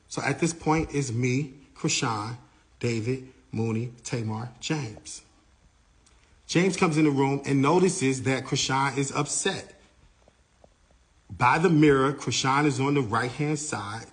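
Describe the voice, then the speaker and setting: A man, a tour manager, recounting an incident and acting out what each person said. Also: medium pitch. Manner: animated retelling, acting out others' lines.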